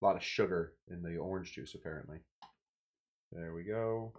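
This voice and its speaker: A man's voice: low voice, normal speed, a little mellow, dull audio. A man from California hosting a casual cocktail-making video, talking in a rambling, jokey way with playful asides. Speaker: cocktail show host.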